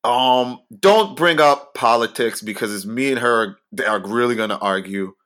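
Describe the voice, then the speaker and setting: A man's voice: medium pitch, normal speed, a bit bright. A man with a lisp co-hosting a podcast, talking in a blunt, crude, joking way. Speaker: podcast co-host. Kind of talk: casual podcast banter.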